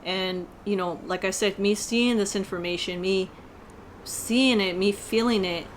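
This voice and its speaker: A woman's voice: medium pitch, measured pace, slight background noise. A woman vlogger telling a personal story in a casual, earnest, rambling way with many fillers.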